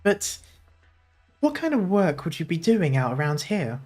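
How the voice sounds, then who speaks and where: A man's voice: fairly high pitch, sing-song, a little slow, a little mellow, soft background music. A man reading as a sly, teasing woman.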